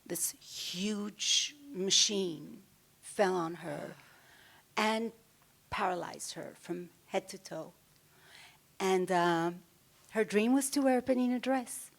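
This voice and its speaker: Woman, gravelly voice, animated storytelling, casual, fillers and restarts. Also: mid-range voice, slow, long pauses. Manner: animated, acts out other people's lines in the stories. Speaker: fashion designer giving an onstage interview. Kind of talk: anecdotal storytelling.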